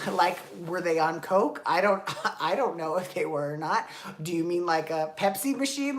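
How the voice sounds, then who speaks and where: A woman's voice: medium pitch, reverberant, a little hiss or hum. A woman hosting a podcast, recapping a dance show in a rambling, exasperated, profane rant, her throat dry and coughing. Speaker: podcast host.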